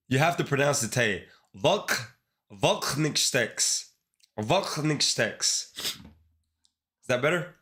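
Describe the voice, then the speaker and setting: Slow and animated, this man pauses often, his medium-pitched voice a bit bright. He's a Caribbean-accented streamer coding live and chatting casually with viewers in slang, easygoing and direct.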